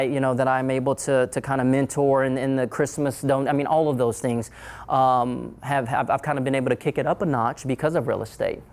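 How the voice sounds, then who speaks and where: A middle-aged man with an Oklahoma accent tells his own story to an audience at a middling pitch. His delivery is animated, and he repeats key phrases for emphasis. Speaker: speaker telling his story.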